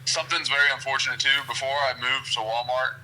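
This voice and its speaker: A man's voice: mid-range voice, fairly even intonation, fast talker, sharp tone, a little hiss or hum, rough recording. A man from Western Kentucky, a guest on a podcast, chatting casually with lots of hesitant ums.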